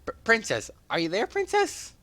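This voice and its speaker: A man voicing a flustered young man who stammers and shouts in high, excited bursts. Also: moderate pace, exaggerated voice. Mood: alarmed.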